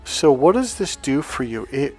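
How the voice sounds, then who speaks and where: Guy coach pumping you up, blunt, swears a lot, mid-pitched voice, faint music behind. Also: very animated, moderate pace, a little mellow. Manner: emphatic and blunt, swears casually. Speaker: motivational coach. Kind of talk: motivational talk to camera.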